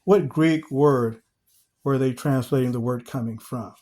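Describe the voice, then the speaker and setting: Leading a Bible study in a mid-range voice with a darkish tone, a man reads scripture with slow deliberation. He addresses his listeners as family and asks them rhetorical questions.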